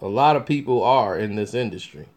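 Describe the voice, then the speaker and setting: A man's voice: on the low side, animated, fairly quick, a little mellow. A man talking casually about upcoming films as a review vlogger, rambling with many restarts and fillers. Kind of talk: casual movie commentary.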